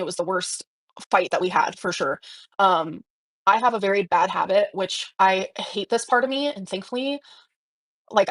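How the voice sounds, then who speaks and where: A woman's voice: mid-range voice, dry recording. A woman livestreaming, telling a personal story in a rambling, emotional way with many fillers. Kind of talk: casual livestream chat.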